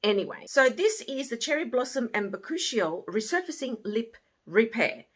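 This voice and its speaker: A woman casually reviewing beauty products she bought, chatty and often trailing off softly at the ends of her thoughts. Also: on the high side, very animated, moderate pace, husky. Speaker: beauty haul vlogger.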